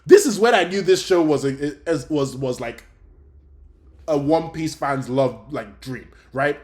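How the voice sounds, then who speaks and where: A young adult man, chatting casually and excitably as host of a fan review talk show, often laughing. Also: on the high side, unhurried.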